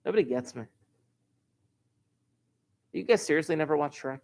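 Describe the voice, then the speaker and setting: A math teacher leads a live online algebra lesson in a slightly high, a little mellow voice with lively intonation and a moderate pace. He explains the steps while joking and chatting with his students.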